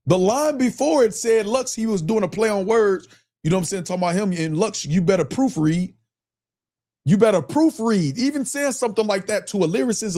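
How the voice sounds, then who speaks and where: Animated Michigan man hosting a live stream. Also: sits high. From Michigan, US Midwest. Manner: animated, keeps repeating his questions, reads chat aloud, laughs often. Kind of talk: casual live-stream commentary.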